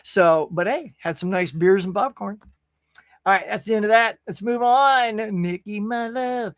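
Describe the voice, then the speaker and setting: A man's voice: high-pitched, moderate pace, fairly bright tone, dry recording, clean studio sound. A man hosting a casual movie-talk livestream, reading viewer comments aloud and bantering with the chat. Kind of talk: casual live-stream chat.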